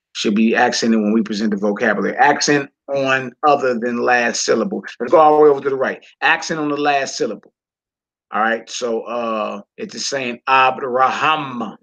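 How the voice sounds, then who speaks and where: Drawing each word out slowly and saying it again, a man teaches his students a casual homeschool Hebrew lesson. He has a mid-range, fairly bright voice with vocal fry, and the recording is muffled.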